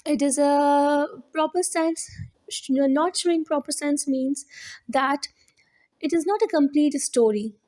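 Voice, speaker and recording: A woman teacher explains a lesson at an unhurried pace. Her voice sits high and mellow, and she goes step by step, circling back to repeat her points. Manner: slow, explaining step by step with repetitions. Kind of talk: classroom lesson on limericks.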